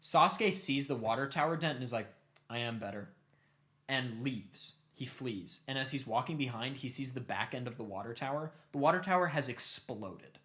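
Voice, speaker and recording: A young man casually retelling a long story to his family, animated and cursing offhandedly. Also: mid-range voice, normal speed, few pauses. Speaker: streamer host.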